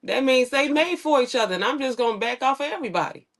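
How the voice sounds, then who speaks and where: Outspoken woman with a slightly high voice, chatting on a podcast. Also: fast. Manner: animated, outspoken, acts out quoted people. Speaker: podcast co-host. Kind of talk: casual chat.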